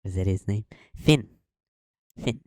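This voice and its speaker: A man's voice: on the low side, takes it slowly, darkish tone, no room sound, studio quality. A young man co-hosting a podcast, chatting casually and rambling, with many ums and restarts. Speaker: podcast co-host.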